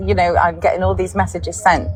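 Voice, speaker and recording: A woman's voice: lowish voice, level tone, brisk, faint music behind, rough recording. A woman in casual chat, apologetic and laughing easily as she explains herself.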